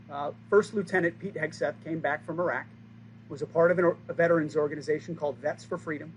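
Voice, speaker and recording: A man in his forties giving a formal, rousing ceremony speech, stressing key lines with pauses for effect. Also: on the high side, a little hiss or hum, poor audio. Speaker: speaker at a base ceremony.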